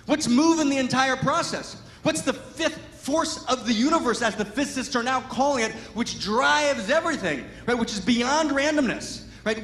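Man, very high voice, impassioned spiritual talk, emphatic, keeps asking "right?", loud then hushed, live Sunday service, echoey hall. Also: slight background noise. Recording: echoey hall with long reverb.

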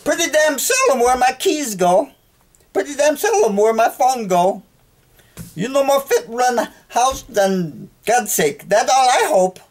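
A man voicing a flustered male traveler who yells in broken English, pitched well above his own voice. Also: sing-song, unhurried, exaggerated voice. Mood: exasperated. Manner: shouting, high and pushed.

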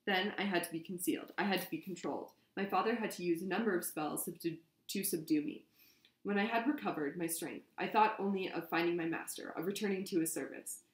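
A woman reading the confession of a drugged young man in a flat, expressionless voice. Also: fairly low pitch, a little fast, natural voice. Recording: roomy echo.

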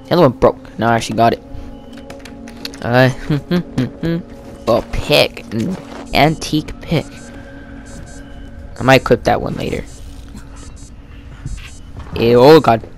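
A man giving rambling, chatty let's-play commentary while gaming with a friend, full of fillers and sudden excited yelps. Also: medium pitch, slow pace, gravelly, pauses often, faint music behind. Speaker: gamer playing co-op with a friend.

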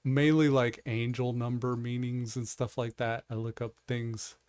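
A man's voice: medium pitch, level tone, unhurried, darkish tone, smooth, dry recording. Laughing, rambling man hosting a vlog. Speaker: vlog host. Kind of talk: casual chat.

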